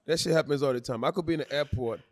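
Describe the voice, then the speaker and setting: A man hosting a podcast in boisterous, profane casual chat, mimicking others in quick voices. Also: a little high, noisy background. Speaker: podcast host.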